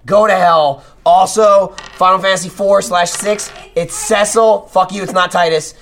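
A man's voice: high voice, steady tone, normal speed, vocal fry, fairly bright tone, a little hiss or hum. A man co-hosting a podcast in rowdy casual banter, insistent and profane, talking over the others. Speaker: podcast co-host.

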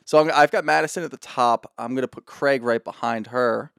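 Gravelly man rambling in casual chat. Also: mid-range voice, brisk, dry recording, clean studio sound. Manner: rambling, jokey, prone to tangents and swearing. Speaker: podcast co-host. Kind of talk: casual chat recapping reality TV.

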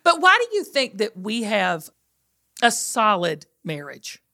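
A middle-aged woman hosts a casual podcast chat with a bright, crisp-edged voice. She tells stories about home life with a teasing, animated delivery. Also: medium pitch, unhurried. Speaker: podcast host.

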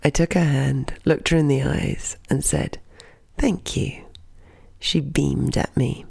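Gravelly, expressive storytelling teacher. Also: medium pitch, a little slow, dry recording. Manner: expressive, dips into soft whispers. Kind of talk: told personal story and lesson.

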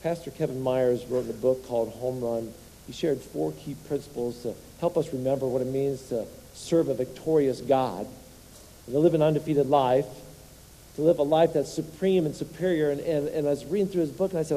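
A man's voice: medium pitch, a little fast, warm tone, slight background noise. A man preaching a sermon as a pastor, leading his congregation in call-and-response and firing rhetorical questions at them. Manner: asks rhetorical questions to the crowd. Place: church sanctuary. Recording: long hall reverb.

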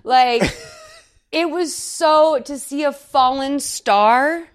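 A woman co-hosting a podcast in casual chat, telling stories in an animated way, full of "like" fillers and quick laughs. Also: high voice. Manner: chatty, animated storytelling full of 'like' fillers; laughs often mid-sentence. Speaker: podcast co-host. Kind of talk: casual chat recapping a movie.

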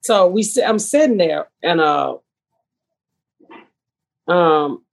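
A woman podcast host telling a story in a casual, animated, profane way. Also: lowish voice, slow, creaky. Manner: animated, profane retelling with acted quotes.

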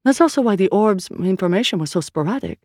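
Woman reading a composed, scholarly sorceress; measured and calm, dry close mic. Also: medium pitch, no echo, close to an everyday voice.

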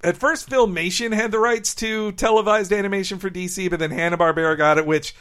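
An enthusiastic podcast co-host who laughs easily, with a fairly high voice for a man. He talks about cartoons in a relaxed, casual way. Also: a little fast. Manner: enthusiastic, giggly. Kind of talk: casual chat.

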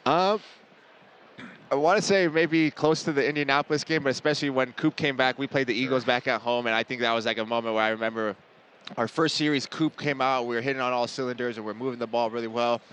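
Young male athlete guest, from Las Vegas, quick and excitable, laughs a lot, faint room ambience. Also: slight background noise. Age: young adult. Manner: excitable, laughs often, jumps high when quoting himself. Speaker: guest football player. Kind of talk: casual interview chat.

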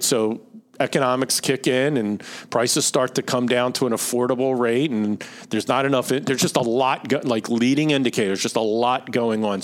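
Philly-accented man explaining finances. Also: mid-range voice. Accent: Philadelphia. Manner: explanatory, reads out figures, asks rhetorical "right?". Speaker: financial advisor podcast host. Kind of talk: conversational podcast talk.

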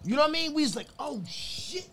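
A man's voice: extremely high pitch, animated, a little fast, bright, forceful tone, a little hiss or hum. A man with a New York accent, from Queensbridge, talking in casual group banter and repeating his points emphatically. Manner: emphatic, repeats himself insistently. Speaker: podcast co-host.

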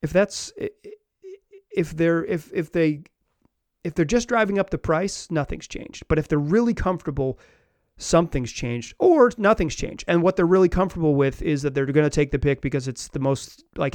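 A man's voice: on the high side, fairly quick, darkish tone, dry recording. A man hosting a sports podcast, talking loosely with many restarts and fillers. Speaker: podcast host. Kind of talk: casual sports commentary.

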